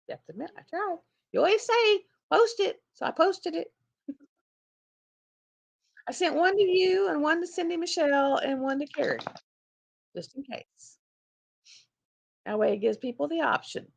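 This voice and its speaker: A woman's voice: high-pitched, lively intonation, moderate pace, creaky, long pauses, dry recording. An older woman, hosting a casual craft live stream from home on a laptop, chatting in a rambling way and laughing often. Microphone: laptop mic.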